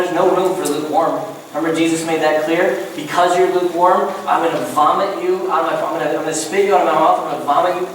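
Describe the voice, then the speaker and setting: Guy preaching a sermon, lively, acts out voices, echoey church from far off with faint room noise. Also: on the high side. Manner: animated, acts out voices in scenes. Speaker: pastor. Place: church sanctuary.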